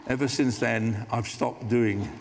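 A man's voice: mid-range voice, fairly even intonation, measured pace, creaky, slight background noise. A man preaching a sermon as pastor, talking conversationally with asides and light humor. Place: large church. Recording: hall reverb.

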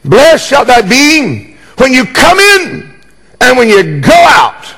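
A man's voice: extremely high pitch, wildly swooping pitch, slow pace, sharp tone, breathy edge, in a large hall. A man preaching a sermon as pastor, emphatic and jokey, repeating key words and calling for responses.

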